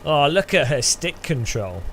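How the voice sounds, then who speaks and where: Guy doing casual game commentary, giggly and joking, bright voice, kinda high, slow and unhurried. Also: big pitch swings, slight background noise. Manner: giggly, laughing often between remarks; cheeky, joking banter. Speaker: gaming channel host.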